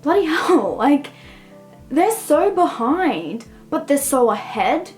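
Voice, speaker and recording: A woman's voice: sits high, very animated, takes it slowly, soft background music, low-quality recording. A young woman in a casual book review rant, rambling and peppered with "like" as she talks things through. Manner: rambling, heavy use of "like".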